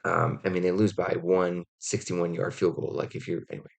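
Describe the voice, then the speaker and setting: Rambling low-voiced sports talker. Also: male voice, brisk, gravelly. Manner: rambling, heavy on "like" and "um" fillers; animated storytelling with acted-out quotes. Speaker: college football podcast host. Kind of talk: casual sports commentary.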